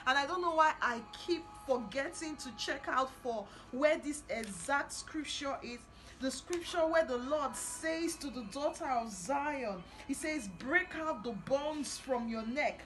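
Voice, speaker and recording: A woman preaching a sermon, fervent and emphatic, repeating lines for stress and building to loud declarations. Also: high voice, expressive, a little slow, low-quality recording.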